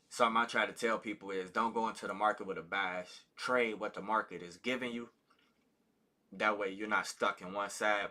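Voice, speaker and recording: Man with a very bright, sharp voice. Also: lowish voice. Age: adult with a child. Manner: casual, loose, conversational with many fillers. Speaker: trading stream host. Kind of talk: live market commentary and teaching.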